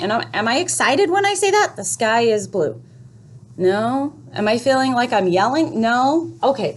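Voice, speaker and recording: A woman explaining a first grade reading lesson to parents, speaking clearly and patiently, step by step. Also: on the high side, slight background noise.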